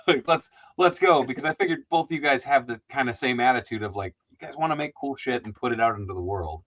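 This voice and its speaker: A man's voice: mid-range voice, fast, hardly any pauses, fairly bright tone, muffled recording. A man hosting a casual live stream chat, rambling and reading viewer comments aloud.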